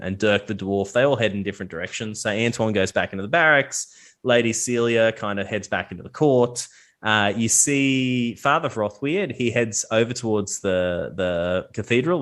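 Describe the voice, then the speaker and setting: A man's voice: lowish voice, fairly bright tone. A young man narrating as game master of a tabletop game, rambling loosely with lots of fillers.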